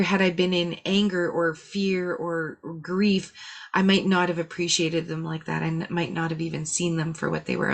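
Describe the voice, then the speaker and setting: Gravelly-voiced woman spiritual teacher. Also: fairly low pitch. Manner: earnest, animated storytelling with many restarts. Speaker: spiritual teacher hosting a session. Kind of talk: casual spiritual talk.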